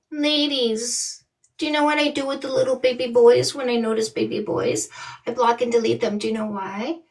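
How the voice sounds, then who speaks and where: A woman's voice: sits high, steady tone, brisk. A woman from Canada, a dating coach, ranting on a livestream in a blunt, mocking and profane way. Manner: scolding, with many rhetorical questions. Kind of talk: livestream rant.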